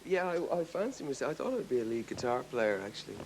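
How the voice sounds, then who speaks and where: An Irish man speaks at an ordinary middle pitch as the guest on a studio talk show. He wanders through his thoughts and keeps restarting his sentences. A faint hiss sits under the voice. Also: big pitch swings, fast talker. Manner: thoughtful, rambling, with frequent restarts. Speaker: rock singer interviewed as a guest. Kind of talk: casual TV studio interview. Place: TV studio with an audience.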